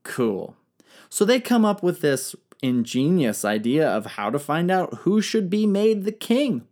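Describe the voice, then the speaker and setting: A woman's voice: sits low, very animated, a little slow, warm tone. A woman retelling ancient history in a comedic, irreverent style, full of slang, swearing and jokes. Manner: irreverent, profane, slangy, jokey.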